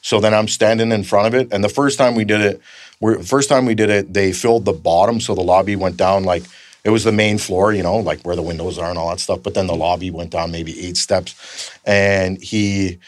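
A Canadian man with a fairly low voice spins loose, rambling stories and swears often. His voice is recorded dry and close, with no room around it. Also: steady tone, brisk, no room sound. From northern Canada. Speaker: guest, stuntman. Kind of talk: casual anecdote telling.

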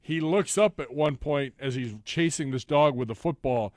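In studio-quality sound with no echo, a man with a somewhat high, slightly mellow voice co-hosts a sports radio show at normal speed. He casually retells commercials in a loose, rambling way, quoting their lines.

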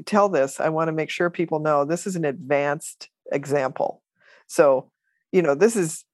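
Guest voice: woman, lowish pitch, animated storyteller who laughs often, dry close sound. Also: no echo. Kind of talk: casual storytelling interview.

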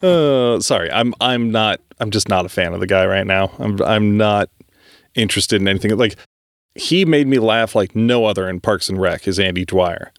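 A man with a lowish voice co-hosts a podcast at a moderate pace, chatting casually, rambling with lots of restarts and swearing freely. The recording is dry, with clean studio sound.

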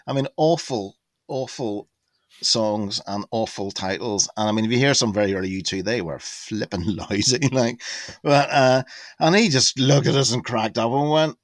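A man in his fifties, a podcast guest telling a casual anecdote in an animated way, swearing freely and full of fillers and restarts. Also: medium pitch, slow pace, no echo. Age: 50s.

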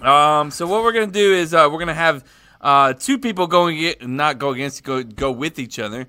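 Male podcast host, bright and higher-pitched, joking and crude, quick quizmaster. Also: smooth, dry recording. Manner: joking, profane, quizzing quickly. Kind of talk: casual podcast chat.

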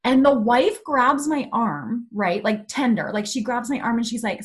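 A woman in her thirties telling a story in casual chat, animated and filled with "like". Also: fairly high pitch, normal speed, breathy edge.

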